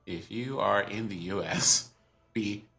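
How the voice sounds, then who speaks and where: A man player making a gentle, rambling announcement on a stream, full of "like" and "um". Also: on the low side, slow, vocal fry, soft background music. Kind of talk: casual stream chat.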